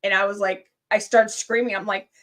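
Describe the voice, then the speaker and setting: A woman chats as a guest on a live stream. She tells her story with plenty of energy and acts out the quotes in it. Her voice sits at an ordinary middle pitch for a woman. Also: flat delivery, moderate pace. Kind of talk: casual live-stream chat.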